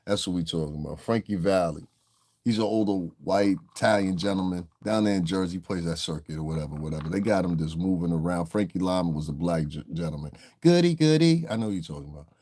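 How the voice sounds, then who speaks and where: A man's voice: low voice, a little mellow. A man hosting a casual livestream, laid-back and chuckling as he talks to his chat. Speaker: livestream host.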